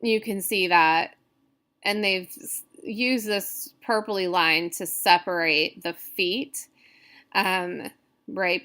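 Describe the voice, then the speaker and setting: A woman's voice: lowish voice, steady tone, slow pace, sharp tone. A woman teaching a poetry class in a recorded lecture, thinking aloud, hesitant and often correcting herself. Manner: counts stresses aloud. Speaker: poetry instructor. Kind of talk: recorded screen-share lecture.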